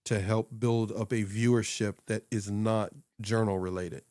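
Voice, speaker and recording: A man's voice: on the low side, fairly even intonation, a little slow, a little mellow, dry recording, clean studio sound. A man hosting a casual chat, coaching on social media in a loose, rambling way and laughing often.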